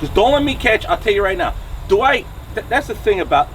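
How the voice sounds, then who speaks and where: A man's voice: high voice, sing-song, fairly quick, fairly bright tone, recorded from a distance, a little hiss or hum. Angry New Jersey man ranting outdoors. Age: 40s. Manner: angry, profane, blunt, keeps asking "okay?" and "right?". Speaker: trucking channel host. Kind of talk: angry to-camera rant. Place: outdoors by a truck shop.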